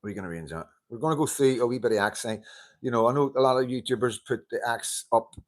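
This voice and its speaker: A man's voice: mid-range voice, fairly even intonation, fast talker. A man hosting a casual live-stream chat, greeting viewers, laughing often and swearing casually into a handheld mic. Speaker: livestream host. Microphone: handheld wireless mic.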